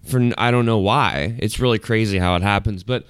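A man's voice: lowish voice, brisk, smooth, no echo, studio quality. A man hosting a podcast in loose, profane, casual chat, laughing often. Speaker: podcast host.

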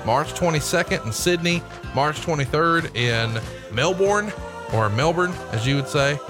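A man's voice: a little high, lively intonation, a little slow, over music. Upbeat man reading tour dates. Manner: upbeat, promotional, says "man" often. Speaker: podcast co-host. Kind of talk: casual podcast chat with ad reads.

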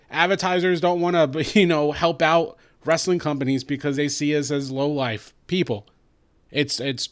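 A man's voice: mid-range voice, clean tone. A man co-hosting a podcast, speaking bluntly and angrily, with plenty of swearing. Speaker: podcast co-host. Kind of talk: casual podcast chat.

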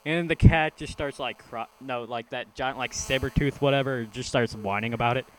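A man's voice: mid-range voice, normal speed, slight background noise, poor audio. A young man co-hosting a casual podcast chat, goofy and jokey, slipping into silly voices. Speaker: podcast co-host.

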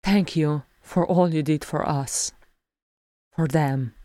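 A woman reading aloud, voicing a grave and poised dwarf noblewoman who speaks with quiet dignity. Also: low voice, takes it slowly, dry recording, clean studio sound. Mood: gracious. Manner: poised, stately.

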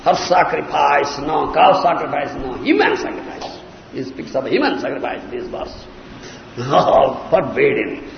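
A man teaching from scripture, chanting verses and often stopping to ask his listeners if they understand, at times rising to shouts. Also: on the high side, expressive, measured pace, vocal fry. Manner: questioning, keeps asking "understand?". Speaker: spiritual teacher. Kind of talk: lecture on scripture. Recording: roomy hall, lo-fi with hiss.

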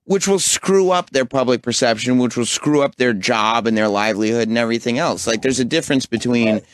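A man's voice: mid-range voice, brisk. A man co-hosting a radio show, laying out his reasoning in casual talk. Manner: reasoned, explanatory. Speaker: radio co-host. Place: radio studio.

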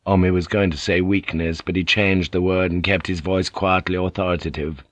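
A man narrating a novel as an audiobook in a steady, even reading. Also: on the low side, normal speed, no room sound. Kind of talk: scripted narration.

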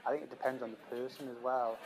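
A man's voice: medium pitch, steady tone, fast talker, darkish tone, low-quality recording. A man from South Shields with a South Shields accent, chatting casually on a podcast in a matter-of-fact way. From South Shields, North East England. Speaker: podcast co-host. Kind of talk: casual chat.

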